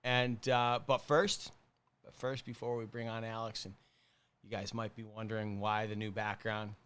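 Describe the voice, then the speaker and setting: A man's voice: on the low side, level tone, moderate pace, a bit bright, clear, resonant tone. A man in his forties hosting a casual livestream chat, rambling and joking with lots of fillers. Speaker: podcast host.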